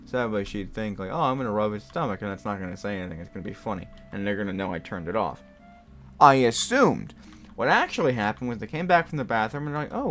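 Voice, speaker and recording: A young man hosting a gaming video, telling a rambling story with lots of fillers and frequent laughter. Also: mid-range voice. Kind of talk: casual storytelling while playing a game.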